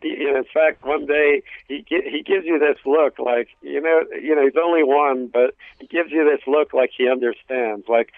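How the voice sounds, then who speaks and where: A stand-up comedian from New York City with a New York accent, telling family stories in a casual interview, full of restarts and acted bits. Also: male voice, a little high, fairly even intonation, normal speed, no echo. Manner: storytelling with acted family voices, many restarts. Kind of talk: casual radio interview chat. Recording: tinny phone line.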